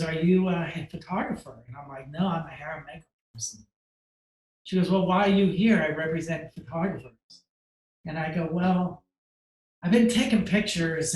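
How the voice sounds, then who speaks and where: A man's voice: a little high, reverberant, slight background noise, poor audio. A man from the United States telling a long personal story with animation, acting out other people's lines and whispering his inner thoughts, with many "like" fillers. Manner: acts out quotes, drops to a hush for inner thoughts; many "like" fillers, fast and emotional.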